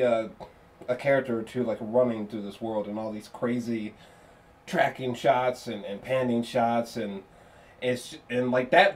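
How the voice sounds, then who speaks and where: Man, casual film review, excitable and rambling, lots of fillers, mid-pitched voice. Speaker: movie reviewer.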